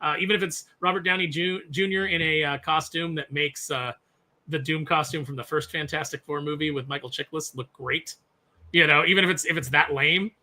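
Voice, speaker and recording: A man with a bright, forceful voice and a somewhat high pitch, chatting casually on a podcast panel. He rants with sarcastic, animated energy and jumps between highs and lows. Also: brisk. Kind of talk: casual chat.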